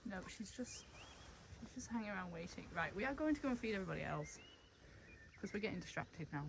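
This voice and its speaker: A woman's voice: mid-range voice, animated, fast talker, vocal fry. A woman shepherd, chatting casually on her farm and cooing fondly at her sheep. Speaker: shepherd and farmer. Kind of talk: casual vlog narration on the farm. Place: outdoors on a farm among sheep. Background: sheep and faint outdoor noise.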